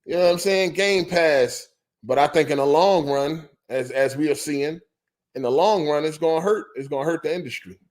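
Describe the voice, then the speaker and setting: A man's voice: a little high, brisk, darkish tone. A man hosting a gaming podcast livestream, talking on a headset in a loose, profane rant and repeating his points. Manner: profane, ranting, repeats himself. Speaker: podcast host. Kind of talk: casual livestream chat.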